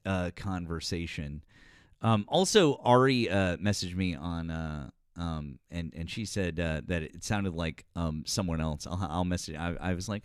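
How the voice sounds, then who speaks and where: A man with a very low voice hosts a casual live stream, chatting with guests and callers. He talks haltingly, full of fillers and restarts. The sound is dry and close. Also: clear, resonant tone, dry recording.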